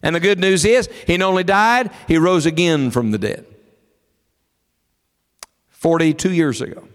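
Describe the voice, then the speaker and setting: A man preaching a sermon in a sanctuary, his somewhat high voice carrying long reverb off the walls. He swings from rising, emphatic declarations to quiet, close storytelling. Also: a little slow. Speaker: pastor.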